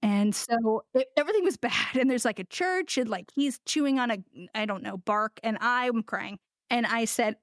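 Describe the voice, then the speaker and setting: A woman's voice: on the high side, moderate pace, no echo, studio quality. A middle-aged woman from the United States, a ceramicist guest, telling a story in a casual interview with laughs and acted-out quotes. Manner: animated, laughing, acts out quoted voices.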